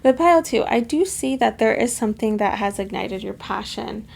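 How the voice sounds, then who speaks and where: A woman's voice: fairly high pitch, lively intonation, normal speed, creaky, darkish tone, slight background noise. A woman giving a casual pick-a-card tarot reading, chatty and gushing, with lots of fillers and affectionate asides. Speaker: tarot reader.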